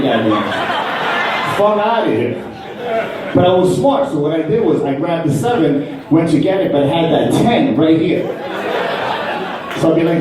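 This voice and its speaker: A man's voice: fairly high pitch, expressive, normal speed, pauses often, heavy reverb, far from the mic, noisy background. A man performing a brash, profane stand-up comedy set in a club, acting out other people's voices. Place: comedy club stage before a laughing audience.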